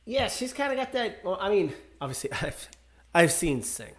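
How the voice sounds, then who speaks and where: A high-pitched podcast co-host talks at a moderate pace while guessing singers. He is animated, exclaiming, laughing and asking for hints in casual chat, recorded with headphones and a microphone.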